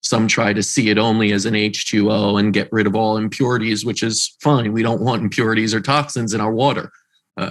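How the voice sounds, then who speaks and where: A man's voice: fairly low pitch, a bit bright. A man hosting a podcast interview, asking long, rambling questions with eager enthusiasm. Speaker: podcast host. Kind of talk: casual interview talk.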